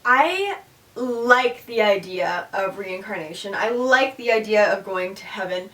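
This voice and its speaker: A woman's voice: medium pitch, lively intonation, measured pace, sharp tone, a little hiss or hum. A young woman co-hosting a podcast, chatting frankly and giggling, with lots of "like". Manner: frank, giggly, says "like" a lot. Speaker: podcast co-host. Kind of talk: casual chat. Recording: distant from the mic.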